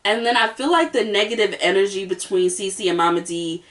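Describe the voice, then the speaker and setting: A woman's voice: medium pitch, brisk, fairly bright tone, recorded from a distance. A woman hosting a casual reality-show review, sassy and emphatic, hammering her points home by repeating them. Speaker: host.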